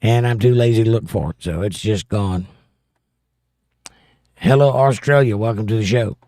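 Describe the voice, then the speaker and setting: A middle-aged American man hosts a casual livestream, reading viewer comments aloud with playful, combative banter. His lowish voice has a warm tone at a moderate pace, in a dry, studio-quality recording.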